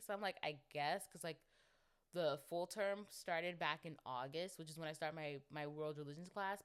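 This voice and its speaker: Young woman podcast host, deep and clear, loose chatty rambling straight to listeners. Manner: rambling, chatty, lots of fillers; addresses listeners directly. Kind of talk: casual chat.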